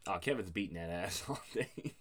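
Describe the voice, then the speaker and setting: Brash young male co-host, low and animated, crude talk full of swearing and big laughs. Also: moderate pace, breathy edge. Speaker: podcast co-host. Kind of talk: casual chat.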